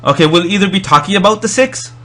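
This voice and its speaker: A man's voice: high voice, expressive, fast, a bit bright. A man explaining Arabic verb grammar in a lecture, often restarting and repeating words as he thinks. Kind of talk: recorded lecture.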